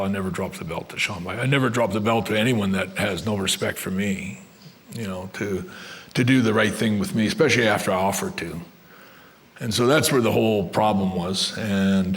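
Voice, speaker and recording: An older man telling blunt, rambling stories to a live crowd of fans, with restarts and asides. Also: lowish voice. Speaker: guest wrestler telling stories. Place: event room with a live crowd.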